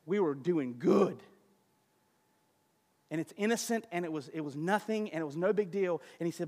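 A male pastor preaching with a high voice, shifting from forceful declarations to quiet, conversational storytelling. His sermon rings out through the long reverb of a church sanctuary. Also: brisk. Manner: passionate, storytelling, swings between loud and soft.

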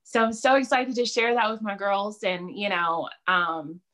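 A woman speaks earnestly and at an unhurried pace as a co-host in casual conversation. Her voice sits in a middle pitch for a woman. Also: steady tone, sharp tone. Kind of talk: casual chat.

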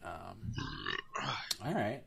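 A man's voice: on the low side, very slow, gravelly, noisy background. A young man hosting a podcast, chatting casually and laughing often as he tells family stories. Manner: laughs often, lively storytelling. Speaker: podcast host.

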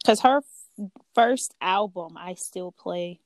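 A woman co-hosting a podcast, chatting casually in an emphatic, drawn-out, slang-heavy way. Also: fairly low pitch, crowd noise. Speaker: podcast co-host. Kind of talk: casual chat.

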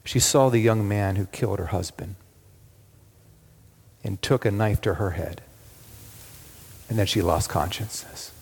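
A man preaching a sermon, telling a story dramatically and dropping to a hushed, pleading tone. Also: lowish voice. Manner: dramatic, swings from loud acted quotes to hushed pleading. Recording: long hall reverb.

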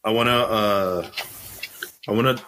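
Low-voiced man hosting a podcast. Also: fairly even intonation, unhurried, sharp tone, slight background noise. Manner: rambling and laid-back, full of "like" and "you know". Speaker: podcast host. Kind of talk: casual podcast chat.

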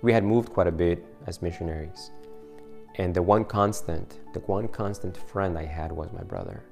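A deep-voiced middle-aged man preaches in a relaxed storytelling way. He often restarts his phrases as he talks to the congregation. Faint music plays softly behind him. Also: normal speed, vocal fry. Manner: conversational storytelling, many restarts. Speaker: pastor. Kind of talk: sermon with personal story.

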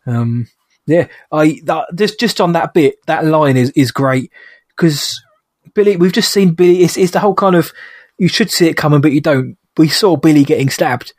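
A man's voice: fairly high pitch, no echo, studio quality. Enthusiastic man hosting a film podcast. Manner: enthusiastic, quick reactions and halting restarts. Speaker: podcast host. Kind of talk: casual film chat.

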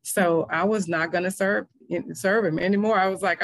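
A woman's voice: mid-range voice, steady tone, moderate pace, no echo. A middle-aged woman pastor, telling her faith story in an earnest, emotional way. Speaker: pastor and minister. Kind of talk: testimony in a faith interview.

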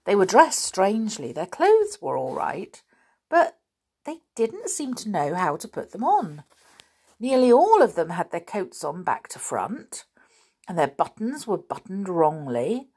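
A woman reading a children's storybook aloud as narrator, expressive and unhurried. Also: medium pitch, slightly rough.

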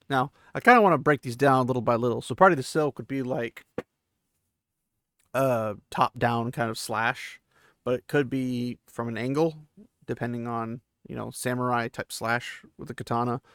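Gravelly man casually retelling a book. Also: mid-range voice, no echo, clean studio sound. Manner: loose, chatty paraphrasing with filler words. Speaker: podcast host.

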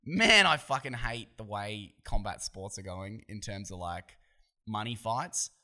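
Forceful Australian man ranting on a podcast. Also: fairly low pitch, animated, a little slow. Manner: profane, opinionated, rambling with restarts. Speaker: podcast host. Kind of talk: casual solo podcast rant.

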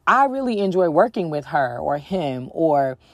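A woman's voice: low voice, very animated, unhurried, dry recording. A woman telling a personal story in a casual way, with lots of ums and acted-out bits of dialogue. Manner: chatty, frequent ums, acts out other people's lines.

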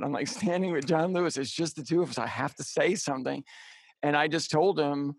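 A middle-aged man co-hosting a podcast, telling a personal story in a halting, heartfelt way with many fillers and restarts. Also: on the high side, husky, no echo. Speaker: podcast co-host. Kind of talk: casual storytelling chat.

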